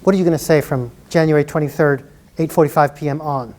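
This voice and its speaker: A man's voice: a little high, steady tone, fast talker, darkish tone. A man presenting a live college workshop to an audience, chatty and encouraging, often laughing.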